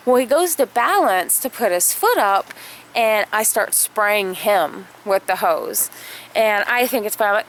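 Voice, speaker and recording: A woman's voice: medium pitch, animated, moderate pace, fairly bright tone, a little hiss or hum. A woman vlogger telling a family story in a chatty, casual way, full of fillers and acted-out quotes.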